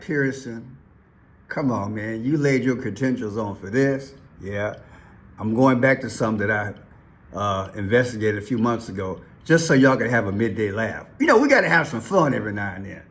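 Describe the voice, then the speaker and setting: A man's voice: medium pitch, big pitch swings, fairly quick, fairly bright tone. A man giving casual, joking commentary, folksy and talking straight to his viewers. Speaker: commentary vlogger.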